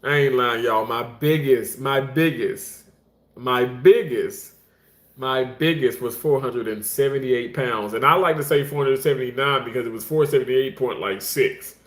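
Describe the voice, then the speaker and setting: A middle-aged man chats on a livestream while he cooks, rambling and thanking his viewers effusively. His everyday voice sits in the middle range and often jumps high when he greets someone. The room gives it a noticeable echo. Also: a little slow, fairly bright tone. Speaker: livestream host. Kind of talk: casual livestream chat reading viewer comments. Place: indoor room, talking while cooking. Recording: roomy echo.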